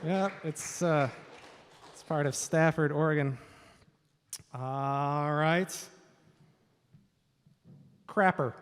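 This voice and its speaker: Speaking very slowly with frequent pauses, a man from Washington state with a fairly high voice hosts a live stage quiz, upbeat and full of joking asides. His stage mic in the large hall picks up reverb and a little hiss or hum.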